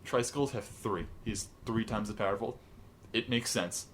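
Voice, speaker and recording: A man's voice: on the low side, normal speed, a little hiss or hum. Co-host, male, dry sarcastic movie recap, casual podcast chat. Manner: deadpan, sarcastic, acts out quotes in silly voices.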